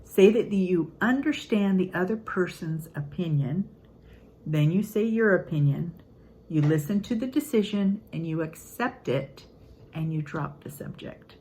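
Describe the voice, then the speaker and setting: An older woman, a grandmother, giving an earnest, upbeat casual talk on parenting, acting out quotes in lively voices. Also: lowish voice, a little slow, low-quality recording. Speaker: parenting channel host.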